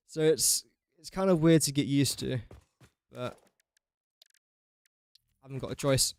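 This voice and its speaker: A man's voice: mid-range voice, steady tone, moderate pace, long pauses, darkish tone, clear, resonant tone, no room sound. A young man, chatting casually while live-streaming a building game and talking himself through each step. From England. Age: young adult. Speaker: gaming streamer. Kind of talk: casual live gameplay commentary.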